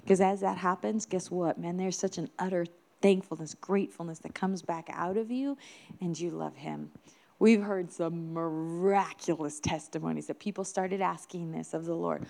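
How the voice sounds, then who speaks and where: A woman's voice: fairly low pitch, steady tone, moderate pace, gravelly, dark tone. Earnest woman preaching a sermon. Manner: earnest, emphatic, builds with repeated phrases. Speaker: minister.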